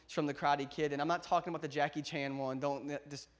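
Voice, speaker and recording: Young male pastor, high voice; laid-back jokey storytelling that climbs into loud, impassioned preaching. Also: fairly even intonation, quick pace. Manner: playful, laughs at his own jokes. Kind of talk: storytelling sermon.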